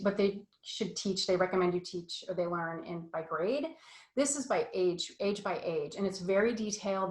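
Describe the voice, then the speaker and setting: A woman's voice: mid-range voice, echoey room. A woman coaching parents in a casual, chatty talk full of fillers and asides. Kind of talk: casual online course talk.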